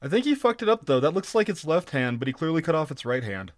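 A man's voice: a little high, very animated, quick pace, no room sound, clean studio sound. A man co-hosting a podcast, reading a story aloud plainly and joking in loose, profane banter. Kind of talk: read-aloud narration with casual chat.

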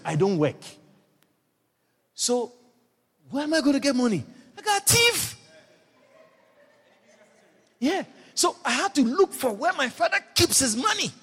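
A middle-aged man from Ghana with a Ghanaian accent, a bishop preaching a sermon built on a personal story, animated, laughing often and breaking into shouts. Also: very high-pitched, breathy edge. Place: church hall. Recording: church hall reverb, faint music.

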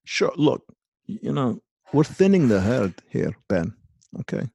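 A man doing a gravelly old film star. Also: medium pitch, very animated, a little slow, warm tone, dry recording, studio quality, heavily acted. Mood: rambling, crude. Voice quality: gravelly, husky. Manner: rambling, profane, unfiltered rants. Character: crude, boastful aging male film star, older. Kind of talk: comedic impression in a podcast chat.

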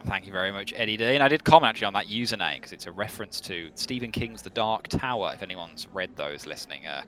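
A man's voice: fairly low pitch, lively intonation, fast talker, fairly bright tone, a little hiss or hum. A man from England co-hosting a casual podcast, chatting and reading listener comments aloud. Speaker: podcast co-host.

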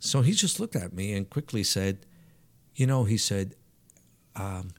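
New guy in his 50s, lowish voice, tells stories slow and reflective w lots of uh's. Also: animated. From Bronx, New York. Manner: reflective, anecdotal, frequent restarts and fillers. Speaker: podcast guest, hair stylist. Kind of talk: storytelling in a casual interview.

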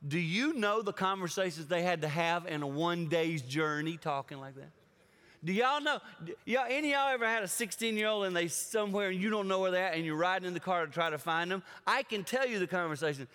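Animated preacher in a reverberant hall. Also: male voice, sits high, fairly quick, clear, resonant tone. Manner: animated storytelling, addresses the congregation directly. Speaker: guest speaker. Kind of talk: sermon. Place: church auditorium with an audience. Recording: long reverb of a large hall.

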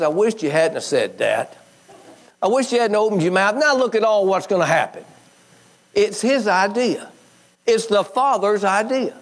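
Folksy and conversational, this preacher quotes scripture as he delivers a sermon, moving between loud, high-pitched emphasis and soft, low moments.

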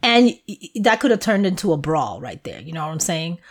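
A woman's voice: low voice, very animated, fairly quick, crowd noise. A middle-aged woman from the Dominican Republic co-hosting a podcast in casual chat, enthusiastic and repeating phrases for emphasis. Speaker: podcast co-host.

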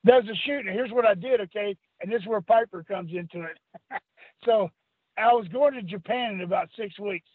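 High, husky older man on a phone line. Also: moderate pace, no room sound. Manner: rambling, laughing storyteller acting out quotes. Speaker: interview guest, former wrestler. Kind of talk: storytelling anecdote.

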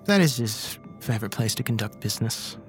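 A man voicing an elderly female crime matriarch who speaks quietly and condescendingly in a tabletop game. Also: fairly low pitch, expressive, a little fast, faint music behind, lightly acted. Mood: cold menace.

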